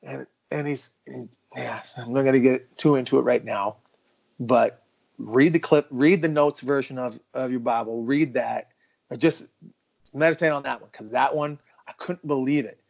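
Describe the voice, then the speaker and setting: A man's voice: mid-range voice, moderate pace, gravelly. A man co-hosting a podcast, telling a personal story in an emphatic, casual way and stressing that it is true. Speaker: podcast co-host.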